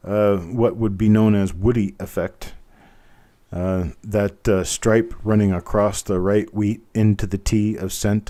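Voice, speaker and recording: Middle-aged male auctioneer host, low mellow voice, easygoing jokes, steady bid calling. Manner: joking, patient, repeats bids in a steady calling rhythm. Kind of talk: live online coin auction, chatty.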